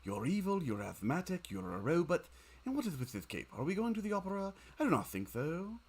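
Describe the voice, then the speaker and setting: A man's voice: fairly high pitch, very animated, fairly quick, darkish tone, slightly rough, voice pushed up, exaggerated voice. A man doing a comic impression of a pompous, theatrical male pharaoh villain, with haughty, indignant, overblown delivery. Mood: haughty scorn. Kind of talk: comic celebrity impression on a stream.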